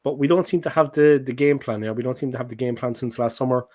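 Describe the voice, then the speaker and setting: A man's voice: medium pitch, fast, a little mellow. Joking, rambling Irish man. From Ireland. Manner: jokey, rambling, chatty. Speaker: guest. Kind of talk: casual football podcast chat.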